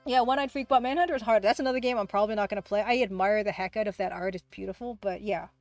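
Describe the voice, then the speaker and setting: Fast-talking rambling woman streamer. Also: mid-range voice, no echo, faint music behind. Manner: rambling, talks fast, self-deprecating, frequent laughter. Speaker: livestream host and game artist. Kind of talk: casual livestream chat.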